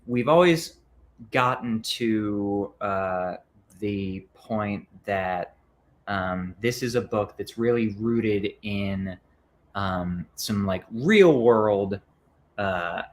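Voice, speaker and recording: A man being interviewed as a comic book writer, talking casually and hesitantly with many ums and restarts. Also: fairly low pitch.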